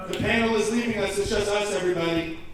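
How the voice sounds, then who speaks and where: A man doing a profane, animated stand-up set in a comedy club, incredulous and ranting. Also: sits high, fast talker. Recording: echoey club from far off, crowd.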